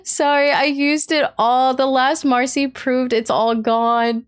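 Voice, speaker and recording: A woman streamer chatting casually on a live stream, excitable and quick to gasp and laugh. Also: sits high, clear, resonant tone.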